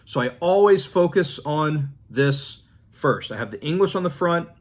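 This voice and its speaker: A man in a casual vlog, relaxed and rambling, thinking aloud with fillers and restarts while he shows his flashcards. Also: a little high, measured pace. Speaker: language-learning vlogger. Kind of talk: casual demonstration talk.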